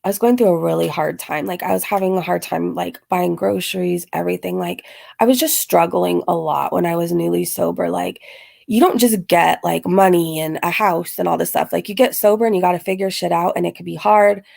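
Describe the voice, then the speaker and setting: A woman's voice: fairly low pitch, fairly even intonation, fairly quick, vocal fry, a little mellow. A young woman hosting a casual live question-and-answer stream, rambling with many fillers as she reads and answers chat comments. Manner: rambling, filler-heavy talk with frequent "like". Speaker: channel host answering viewer questions.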